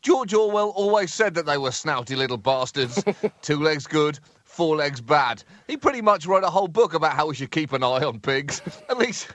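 A man co-hosting a comic podcast, joking in a self-deprecating, animated way. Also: a little high, normal speed, few pauses, no echo. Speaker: podcast co-host.

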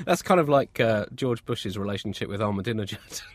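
A man's voice: lowish voice, very animated, moderate pace. A man co-hosting a satirical comedy show, delivering dry, absurdist jokes. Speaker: comedy co-host.

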